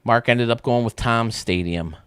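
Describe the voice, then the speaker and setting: A man's voice: mid-range voice, normal speed, a bit bright, clear, resonant tone, no room sound. A man hosting a live stream, chatting casually and ranting bluntly, often restarting his sentences.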